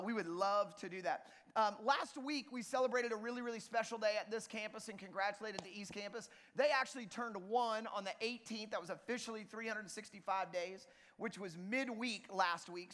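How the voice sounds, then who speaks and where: High-voiced pastor in a reverberant church. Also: male voice. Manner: lively, joking with the congregation. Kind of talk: sermon. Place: church auditorium. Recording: long reverb of a church hall.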